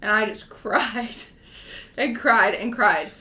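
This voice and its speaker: A young woman in her twenties tells a story on a casual podcast, rambling in an animated way and full of fillers. Her voice is bright and clear, at a middle pitch. The room around her sounds echoey. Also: slow pace. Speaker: podcast co-host. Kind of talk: casual chat.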